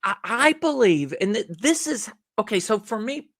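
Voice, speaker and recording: Brief: male podcast guest, expressive storyteller, very lively pitch, dry close sound. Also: normal speed, no room sound. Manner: animated storyteller who acts out little dialogues. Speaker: podcast guest, gratitude speaker. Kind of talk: conversational podcast interview.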